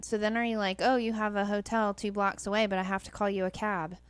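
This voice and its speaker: A woman co-hosting a show in casual chat, exasperated and quick to laugh. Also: mid-range voice, little pitch movement, clean tone. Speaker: co-host.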